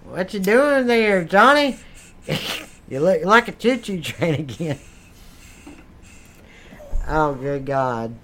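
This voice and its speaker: A man's voice: high-pitched, animated, unhurried, bright, forceful tone, a little hiss or hum. A man hosting a podcast, rambling in crude, profane comedic banter and laughing often. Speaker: podcast host.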